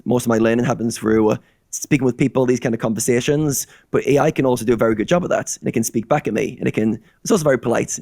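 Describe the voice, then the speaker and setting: A man talks in a rapid, eager stream of casual chat. He slips into quick little acted-out exchanges as he goes. The sound is dry and close. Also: medium pitch, darkish tone, dry recording. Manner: eager, rapid-fire, acts out dialogues.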